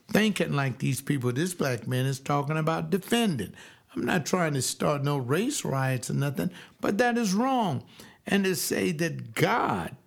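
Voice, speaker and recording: A man, middle-aged or older, giving impassioned commentary as he reads and reacts to a historical text, emphatic and repetitive with loud rising outbursts. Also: fairly high pitch, creaky.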